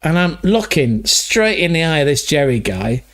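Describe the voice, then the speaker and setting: A man's voice: on the high side, sing-song, moderate pace, fairly bright tone. A man from England hosting a livestream, rambling through stories in a loose, sweary, casual chat. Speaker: livestream host.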